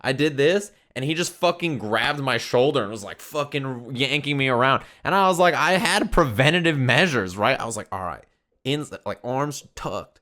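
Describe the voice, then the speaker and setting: A man's voice: mid-range voice, expressive, moderate pace, few pauses, sharp tone. A man streaming, telling a rambling, profanity-laden story in casual chat.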